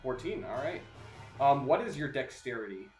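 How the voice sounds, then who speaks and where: A man running a tabletop game as game master, narrating casually with many halting fillers. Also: mid-range voice, very animated, darkish tone. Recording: echoey room with faint music.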